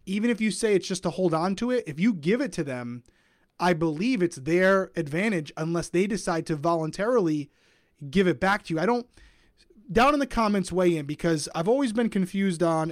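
A man's voice: sits high, expressive, fairly quick, no echo. Man on a dry close mic. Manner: musing, thinks aloud with many hedges. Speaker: podcast co-host. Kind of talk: casual recap chat.

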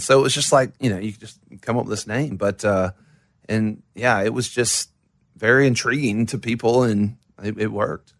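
A man's voice: on the low side, normal speed, dry recording, studio quality. A man who plays in a band, telling stories as an interview guest in a rambling, self-deprecating way with many restarts. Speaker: musician guest. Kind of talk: casual interview storytelling.

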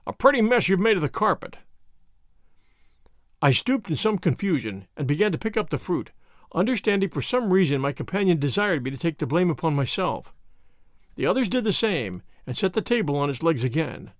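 A man narrating a detective story in an animated, dramatic reading. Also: on the high side, brisk, dry recording, studio quality. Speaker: audiobook narrator.

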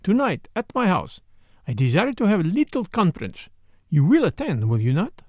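A man's voice: high-pitched, wildly swooping pitch, moderate pace, a little mellow, dry recording, studio quality, heavily acted. A man voicing a sly, courteous foreign detective who speaks formally and blandly.

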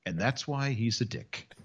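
A man's voice: mid-range voice, measured pace, breathy edge, dull audio. A man co-hosting a casual sports podcast, joking and rambling, also reading a sponsor ad. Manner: joking, rambling, self-mocking. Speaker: podcast co-host and teacher.

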